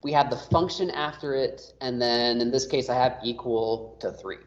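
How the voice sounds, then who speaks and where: Casual man teaching a math lecture. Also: medium pitch. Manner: casual, filler-heavy, quick explaining. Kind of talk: online class lecture. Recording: roomy, dull lo-fi audio.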